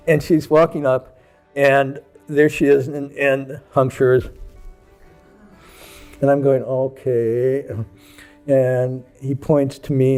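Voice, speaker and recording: A man who is a Buddhist monk, telling stories about his teacher and acting out the people in them. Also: mid-range voice. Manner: animated, acts out the people in his story. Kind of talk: anecdotal storytelling.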